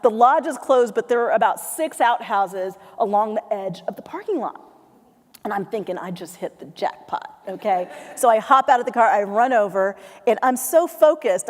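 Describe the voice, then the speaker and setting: A woman giving a motivational keynote, telling a lively story and acting out her family's voices. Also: mid-range voice. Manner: animated storyteller, acts out family voices, laughs along. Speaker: keynote speaker. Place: large hall with live audience. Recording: long hall reverb.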